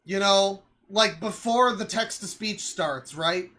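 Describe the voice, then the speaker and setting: Bright-voiced streamer ranting in exasperation. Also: mid-range voice, takes it slowly. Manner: exasperated ranting, swearing, bursts of shouting. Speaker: streamer reacting to a video. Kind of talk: live reaction commentary.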